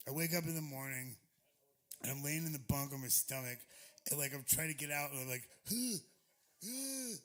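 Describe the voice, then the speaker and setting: A man's voice: mid-range voice, little pitch movement, quick pace, fairly bright tone. A man in his forties, a touring musician, telling a rambling, profane story on a club stage into a stage mic, laughing often.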